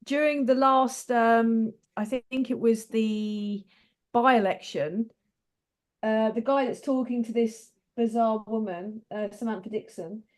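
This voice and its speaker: Co-host, woman, fairly high voice, blunt, casual swearing. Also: fairly even intonation, takes it slowly. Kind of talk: casual chat.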